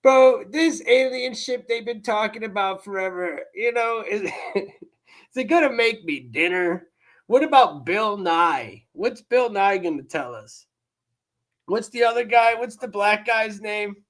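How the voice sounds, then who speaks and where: A man's voice: high-pitched, animated, a little slow, a bit bright. A man hosting a casual livestream, rambling loosely, swearing and joking with his chat. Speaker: livestream host reacting to clips.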